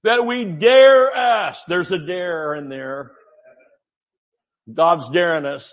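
A man preaching a sermon with exuberant energy, swinging from shouts to quiet asides. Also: high voice, slow, lo-fi sound.

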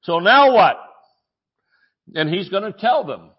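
A male pastor delivering a sermon in a loose, chatty way, stumbling over restarts and breaking into jokes. His voice sits a little higher than most men's, and the recording sounds dull and muffled. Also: big pitch swings, slow, husky. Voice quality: conversational, joking, many restarts.

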